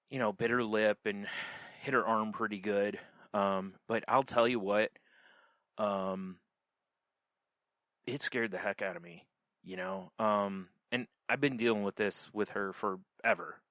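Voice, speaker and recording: A man's voice: lowish voice, fairly bright tone, dry recording. A man co-hosting a podcast, telling a story in casual chat, rambling with lots of fillers and restarts. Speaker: podcast co-host.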